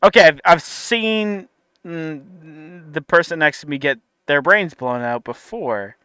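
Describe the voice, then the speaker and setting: Sarcastic man, crisp bright voice. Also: fairly high pitch, takes it slowly, no echo. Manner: sarcastic, incredulous, laughing asides. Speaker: reaction video commentator. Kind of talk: casual reaction commentary.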